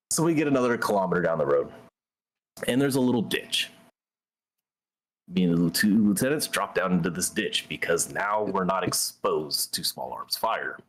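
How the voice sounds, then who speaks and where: A man's voice: low-pitched, expressive, moderate pace. A man hosting a gaming stream, telling a story in a blunt, profane, conversational way. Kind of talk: casual storytelling while gaming.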